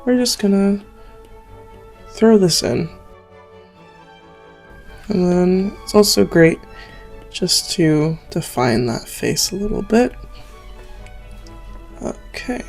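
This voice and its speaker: Gravelly-voiced Canadian woman artist. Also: fairly low pitch, lively intonation, slow pace, pauses often, darkish tone, soft background music. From Southern Ontario, Canada. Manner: rambling, self-deprecating, laughs often. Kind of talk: chatty draw-along tutorial.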